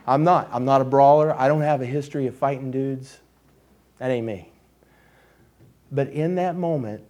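A middle-aged man preaches a sermon, telling a personal story with a mellow, darker tone at an ordinary pitch. He is emphatic, and his voice sometimes drops to a quiet, intense level. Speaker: pastor.

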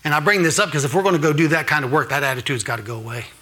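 A man preaches a sermon as a guest speaker in a church, talking to the congregation in an earnest, direct way and often checking in with them. His voice is bright and forceful and sits a little high for a man. He climbs to emphatic peaks on key points. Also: animated, racing, breathy edge. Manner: addresses the congregation with frequent "all right?" and "right?". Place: church sanctuary.

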